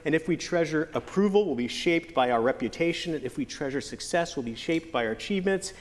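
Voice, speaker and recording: A man preaching a sermon as pastor, earnest with playful joking asides and slow, stretched emphasis on key phrases. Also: fairly high pitch, expressive. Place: church sanctuary. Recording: long church hall reverb.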